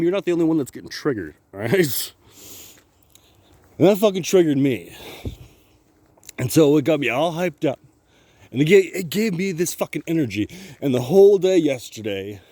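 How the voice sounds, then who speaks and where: A man's voice: on the high side, a little mellow, no echo. A man vlogging a rambling personal story, swearing constantly, laughing often and restarting his sentences.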